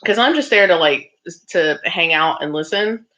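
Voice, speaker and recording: A woman's voice: lowish voice, animated, normal speed, fairly bright tone. Chatty woman livestreamer, slightly muffled. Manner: chatty, reads out viewer comments and answers them; frequent laughs and filler ums. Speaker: livestream host. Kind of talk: casual livestream chat. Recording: slightly dull lo-fi sound.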